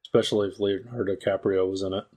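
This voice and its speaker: A young man with a low, slightly husky voice co-hosts a casual podcast. He drops dry wisecracks into the chat. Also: steady tone, rapid-fire, darkish tone. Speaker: podcast co-host.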